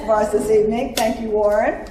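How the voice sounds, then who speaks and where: A woman's voice: a little high, level tone, a little fast, dark tone. A woman hosting a community event introduces sponsors and guests in a breezy way. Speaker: event host. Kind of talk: introducing speakers. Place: event room. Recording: echoey room from far off, clear noise.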